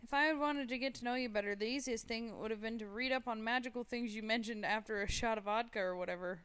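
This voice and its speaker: Woman voicing a curious, teasing young woman in a live story reading; smooth, clear, a little high. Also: fast talker, a bit bright, lightly acted. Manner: teasing, laughs between lines. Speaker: voice actor reading a character.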